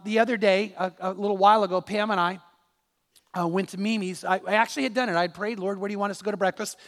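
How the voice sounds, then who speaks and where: A man's voice: high-pitched, a bit bright, big-room sound. A man preaching a sermon as pastor, telling a personal story with restarts and repeated words.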